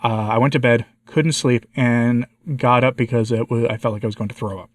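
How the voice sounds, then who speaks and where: An American man with a congested and slightly hoarse voice, giving a candid personal update to his viewers and asking them for advice. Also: mid-range voice, fairly even intonation, a little fast, no echo, clean studio sound. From United States. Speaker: vlogger, channel host.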